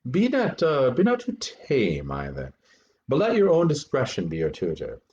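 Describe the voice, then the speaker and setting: A man's voice: mid-range voice, pitched above the performer's own voice. Hamlet, an earnest young prince, read by a man. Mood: instructing. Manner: animated, deliberate verse delivery. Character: young male prince, earnest, lecturing actors. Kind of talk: amateur dramatic reading. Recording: dull lo-fi recording.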